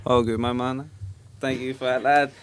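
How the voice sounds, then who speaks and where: A man's voice: medium pitch, little pitch movement, normal speed, clear, resonant tone. A man with a Northern Irish Derry accent, a guest rapper in a casual interview chat, often tagging sentences with "lad" and "do you know what I mean". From Derry, Northern Ireland.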